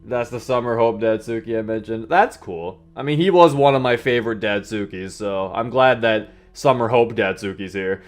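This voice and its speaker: A man on a live stream reading a game story aloud, breaking off for animated reactions and frequent laughter. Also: fairly low pitch, moderate pace.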